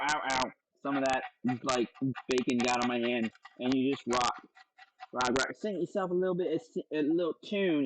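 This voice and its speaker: Young dude doing a goofy cooking demo, kinda high voice, swears a lot. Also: male voice, noisy background. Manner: playful, joking, swears freely. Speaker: cooking show host.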